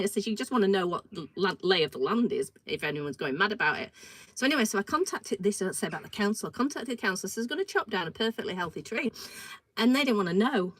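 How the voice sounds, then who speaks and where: A woman's voice: mid-range voice, fast, dry recording, rough recording. A middle-aged woman, co-hosting a casual chat show and telling stories animatedly, acting out what people said. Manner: animated storytelling, acts out quoted dialogue. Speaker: co-host.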